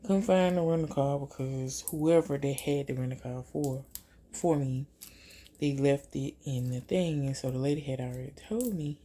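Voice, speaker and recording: A young woman vlogger with a bass voice speaks at normal speed. Doing her makeup, she chats casually through a storytime and performs what people said, her retelling animated and full of quoted asides.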